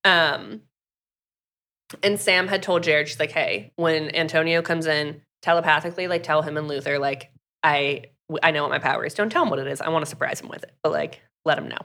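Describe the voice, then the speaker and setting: A woman with a deep, bright, forceful voice speaks briskly as a podcast co-host recapping a book. In casual chat she acts out characters' lines and says "like" a lot.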